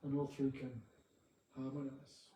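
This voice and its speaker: A man's voice: mid-range voice, completely flat delivery, warm tone, far from the mic, a little hiss or hum. Man teaching in an echoey hall. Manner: rhetorical questions, pauses for "no?". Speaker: spiritual teacher. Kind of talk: devotional class talk. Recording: echoey room, voice from afar, faint music.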